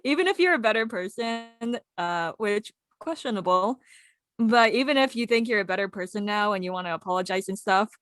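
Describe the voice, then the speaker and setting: Woman podcast co-host; blunt and backing her friend up, mid pitch, dry mic. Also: lively intonation, fairly quick, a bit bright, no echo. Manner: supportive, blunt, swears. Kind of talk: casual chat.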